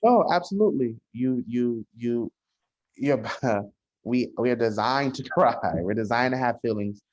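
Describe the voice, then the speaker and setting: A man, a social worker, talking in a casual podcast conversation, measured and often restarting his sentences. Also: medium pitch, a little mellow. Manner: measured, frequent restarts and hesitations. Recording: dull lo-fi sound.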